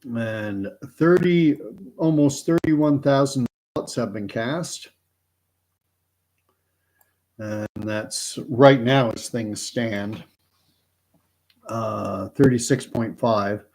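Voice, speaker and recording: A man's voice: medium pitch, slow, a little mellow. A man from Canada hosting a casual live stream, chatty and joking, thinking aloud as he follows a count. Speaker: host.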